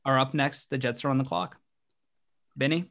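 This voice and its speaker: A man hosting a casual sports podcast, talking in an energetic, joking, rambling way with restarts. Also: mid-range voice, moderate pace, creaky. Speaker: podcast host.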